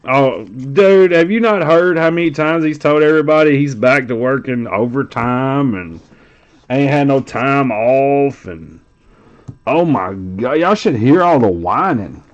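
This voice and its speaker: A man's voice: mid-range voice, lively intonation, unhurried, lo-fi sound. A middle-aged man casually chatting on a live stream while opening trading card packs, teasing a viewer in a joking, profane way.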